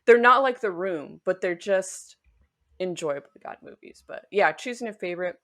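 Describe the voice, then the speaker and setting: A woman's voice: fairly low pitch, lively intonation, moderate pace, a bit bright. A woman guest on a podcast, chatting casually and thoughtfully with many fillers. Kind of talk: casual chat.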